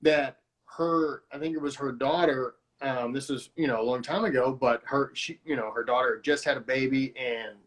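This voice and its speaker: A man hosting a podcast conversation, talking in a halting way with many restarts and self-corrections. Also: mid-range voice, a bit bright. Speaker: host.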